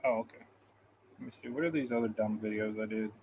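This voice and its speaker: A man's voice: fairly low pitch, fast, darkish tone, a little hiss or hum, poor audio. A man hosting a casual live stream, reading out comments in a rambling, self-deprecating way and chuckling often, into a phone camera. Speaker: livestream host.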